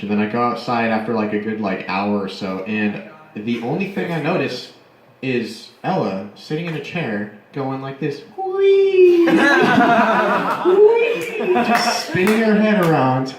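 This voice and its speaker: A man's voice: on the low side, expressive, moderate pace. A young man roasting a friend at a birthday party, telling a rambling, profane, laughing story. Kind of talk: casual comedic storytelling. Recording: echoey room with a crowd. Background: crowd laughing and chatter.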